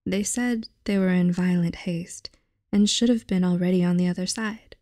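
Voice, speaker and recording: A young woman hosting her channel, reading a fairy tale aloud in a soft, unhurried voice that often drops to a half-whisper. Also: on the low side, steady tone, no echo, studio quality.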